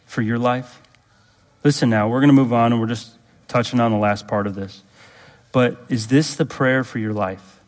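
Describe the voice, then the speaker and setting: A man preaching with earnest emphasis, circling back to repeat his points and pressing his listeners with direct questions. His voice sits at an ordinary middle pitch. It rings out with a long reverb, as in a church sanctuary. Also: a little mellow. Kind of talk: sermon.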